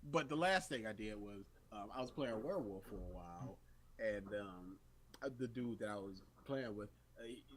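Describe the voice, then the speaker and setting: A young man co-hosting a podcast, telling a story in casual chat, acting out the voices of others and laughing often. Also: fairly low pitch. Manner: animated storyteller, acts out quotes, laughs often. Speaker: podcast co-host.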